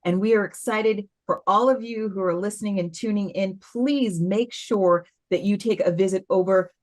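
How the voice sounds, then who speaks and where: A woman with a mid-range voice, co-hosting an interview show. She is from the Boston area and speaks with warm enthusiasm and lots of praise for her guest. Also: medium pitch, normal speed. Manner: enthusiastic, effusive. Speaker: interview co-host. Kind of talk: casual interview chat.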